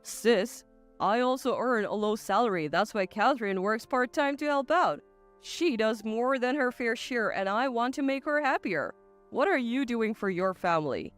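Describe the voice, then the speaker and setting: A woman voicing a calm young man who questions his father firmly. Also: a little high, normal speed, soft background music, natural voice. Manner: firm, questioning. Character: calm reasonable adult son, young man.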